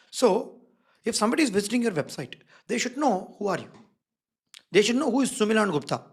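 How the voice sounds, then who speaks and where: Here a man with a high, a bit bright, slightly rough voice teaches a live online design workshop. He speaks emphatically, repeating and stressing key words, and checks in with his audience time after time.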